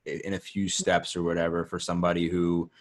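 A man's voice: deep voice, flat delivery. A man hosting an interview, talking casually with many fillers and restarts. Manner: casual, filler-heavy, halting. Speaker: podcast host. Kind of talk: interview conversation.

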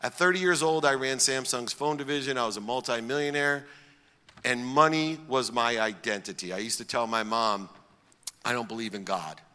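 A man's voice: mid-range voice, normal speed, bright, forceful tone, clear, resonant tone, big-room sound. A middle-aged man from Ohio telling a personal story as a public speaker, emphatic and building his points in repeated lists. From Akron, Ohio, US.

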